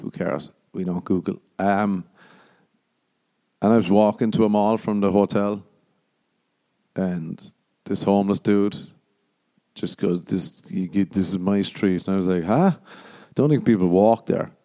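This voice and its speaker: An Irish man hosting his own podcast, rambling through profane, meandering stories with the odd quick mock voice. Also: on the low side, dark tone. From Ireland. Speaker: podcast host and stand-up comedian. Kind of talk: casual rambling solo podcast monologue.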